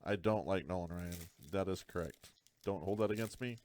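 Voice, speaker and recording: A man's voice: deep voice, normal speed, a little mellow, a little hiss or hum. A man hosting a live card break, talking through each card with dry joking asides.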